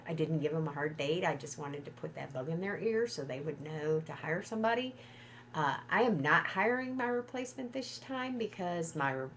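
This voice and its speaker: A middle-aged woman chatting casually on a livestream from home, gushing and excitable. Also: low-pitched, slight background noise. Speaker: livestream host.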